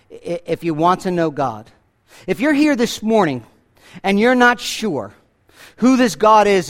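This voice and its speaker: Man, pastor, preaching a sermon, high-pitched voice, loud-then-hushed delivery, rhetorical questions. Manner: emphatic preaching with big swings in pitch and loudness; asks the congregation rhetorical questions.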